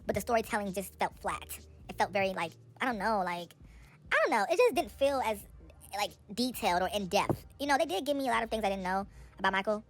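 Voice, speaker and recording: Sassy and animated, a young woman chats through entertainment gossip in a casual way, with quick asides along the way. Her voice sits at a medium pitch.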